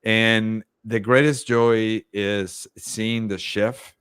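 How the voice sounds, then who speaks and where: A lowish male voice, upbeat and chatty, often acting out his own thoughts as little quotes. He talks like a leadership coach in a relaxed interview, recorded dry and close. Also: very slow, clean tone, dry recording. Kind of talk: casual interview talk.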